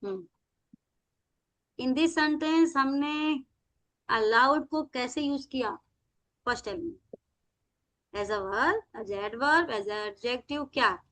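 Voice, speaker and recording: A high, bright-voiced woman with an Indian English accent, teaching an online class. She switches between Hindi and English and draws key words out slowly. It sounds like a video call.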